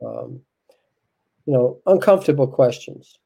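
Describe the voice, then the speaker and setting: A man with a mellow, rounded voice sits as a guest in an interview. He talks in a soft, reflective, unhurried way, sharing a heartfelt personal story. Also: mid-range voice, expressive, vocal fry, slightly rough, lo-fi sound.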